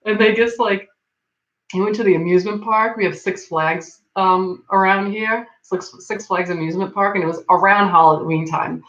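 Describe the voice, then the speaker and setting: A woman's voice: mid-range voice, fairly even intonation, normal speed, fairly bright tone. A young adult woman chatting casually as a stream host, rambling and filling her talk with "like", often laughing. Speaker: livestream host. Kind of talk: casual chat. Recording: dull lo-fi sound in an echoey room.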